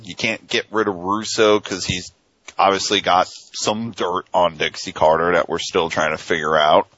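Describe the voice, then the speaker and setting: Low voiced guy hosting a wrestling podcast, rambles a lot, dry dull sound. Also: fairly even intonation, a little slow, bright, forceful tone, no echo. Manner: rambling, filler-heavy questions. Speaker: podcast host. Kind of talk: casual wrestling talk show.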